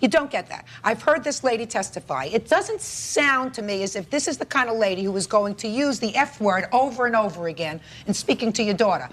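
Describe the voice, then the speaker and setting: A woman's voice: a little high, animated, brisk, hardly any pauses. A woman judge questioning a litigant in court, blunt and skeptical.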